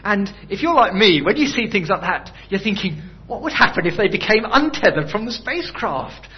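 A man's voice: high-pitched, very animated, normal speed. Conversational male preacher, dull recording. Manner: conversational, asks the congregation rhetorical questions. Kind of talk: sermon.

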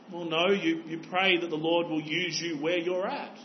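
A man's voice: fairly high pitch, fairly even intonation, moderate pace, hardly any pauses, lo-fi sound, slight background noise. A man preaching a sermon as pastor, earnest and exhorting, pressing his listeners with rhetorical questions.

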